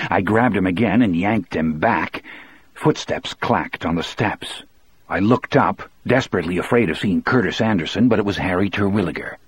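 A man with a husky voice reading a first-person audiobook in a measured, reflective way. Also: low-pitched, dry recording. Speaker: audiobook narrator.

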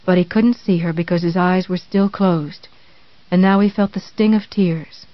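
A narrator reading a novel aloud in a measured, even storytelling way. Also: mid-range voice, no echo. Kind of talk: scripted narration. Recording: dry, slightly dull recording.

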